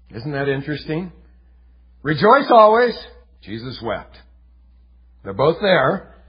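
A man's voice: on the high side, slightly rough. A man preaching a sermon as pastor, talking earnestly and conversationally. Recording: dull lo-fi recording.

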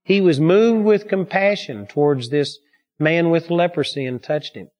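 A man preaching a sermon, telling personal stories in an earnest, steady way. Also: a little high, unhurried. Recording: dull lo-fi recording.

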